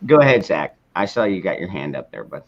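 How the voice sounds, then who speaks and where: Low-voiced profane man hosting a late-night stream. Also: sing-song, fairly quick, dull audio, noisy background. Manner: profane, laid-back, greets chat viewers. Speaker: livestream host. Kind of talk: casual late-night chat.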